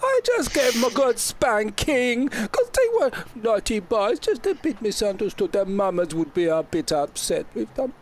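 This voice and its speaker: High fussy mother-hen cook, put on by a man, doting and clucking. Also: sing-song, normal speed, hardly any pauses. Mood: mock-stern. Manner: fussing, clucking over "poor boys". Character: doting motherly woman cook, fierce in battle. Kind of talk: tabletop role-play voice.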